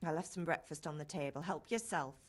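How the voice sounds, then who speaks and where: A woman's voice: sits low, fairly quick. An actress playing Henry's mother, a caring village woman who nags her son fondly. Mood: worried. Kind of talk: game character dialogue.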